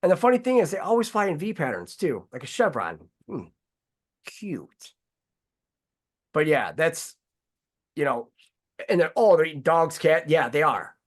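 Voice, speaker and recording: A man's voice: fairly high pitch, sing-song, measured pace, pauses often, slightly rough. A man hosting a casual talk show, talking in long, heated, rambling runs and swearing freely. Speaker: host.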